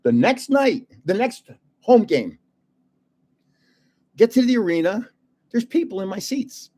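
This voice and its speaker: An older man hosts a trading card live stream in a loose, chatty way. He tells stories with plenty of laughs and keeps talking to his viewers. His voice sits a little on the high side for a man. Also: big pitch swings, unhurried, dark tone. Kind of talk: casual live-stream chat and storytelling.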